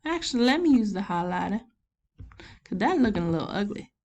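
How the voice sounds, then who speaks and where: With a Southern US accent, a woman plays a chatty grandmother standing in as teacher, patiently guiding students through a math lesson one step at a time. She's folksy and encouraging, her medium-pitched voice sing-song, a little fast, and darkish in tone. There's a faint hiss or hum.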